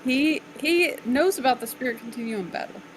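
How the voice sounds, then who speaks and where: Casual player over a clear background hum. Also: high voice, moderate pace, rough recording. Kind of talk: tabletop role-play chat.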